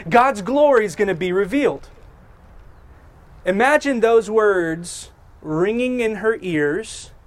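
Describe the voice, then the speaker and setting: A man preaching a sermon, telling the story in a folksy, conversational way and acting out the characters' lines in casual voices. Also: high voice. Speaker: pastor.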